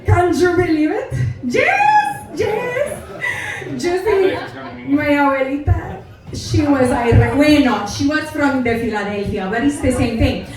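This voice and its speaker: A comedian putting on a loud, excitable middle-aged Mexican mother with a Mexican Spanish accent, shrill and exclaiming. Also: unhurried, a crowd in the background. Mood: gushing. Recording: echoey club from far off.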